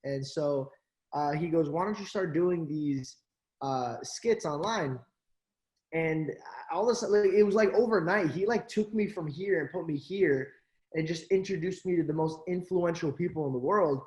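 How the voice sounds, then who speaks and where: A man's voice: on the high side, normal speed, darkish tone, echoey room. A young man as interview guest, telling stories animatedly with many fillers and acted-out quotes. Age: young adult. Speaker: interview guest, actor and social media creator. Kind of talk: casual interview storytelling.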